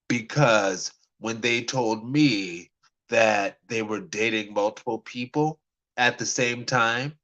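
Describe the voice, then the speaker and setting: A man's voice: medium pitch, a bit bright, rough recording. Rambling man telling a dating story. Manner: rambling, stammering storyteller with many restarts. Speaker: vlogger. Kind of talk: casual talk to camera.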